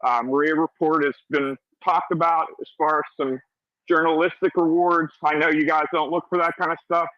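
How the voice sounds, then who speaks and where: A man's voice: a little high, level tone, normal speed, fairly bright tone, dry recording. An American man joining a live audio chat as a regular listener, upbeat and earnest. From United States. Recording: dull lo-fi audio.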